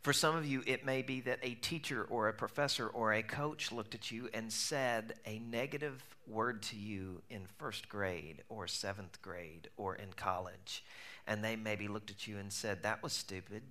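A man preaching a sermon, telling a personal story in an animated way and shifting between loud and hushed delivery. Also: fairly low pitch, measured pace. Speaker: pastor.

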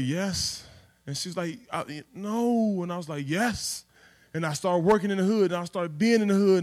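Man, pastor, dynamic streetwise sermon, slightly high voice. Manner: dynamic preaching in street vernacular, swinging from loud to hushed.

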